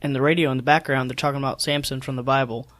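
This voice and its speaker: A man joins a casual film podcast, asking questions and thinking out loud. His voice sits mid-range on a dry, close recording. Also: medium pitch, fairly even intonation, rapid-fire, dry recording. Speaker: podcast guest. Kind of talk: casual chat.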